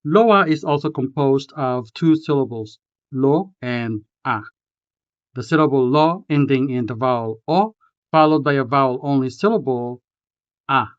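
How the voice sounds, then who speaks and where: A man teaching a language lesson in scripted narration, slowly sounding out example words syllable by syllable. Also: mid-range voice, lively intonation, clean tone, no echo. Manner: slow, deliberate, enunciating example words syllable by syllable. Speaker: language tutor. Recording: slightly dull, dry voice-over.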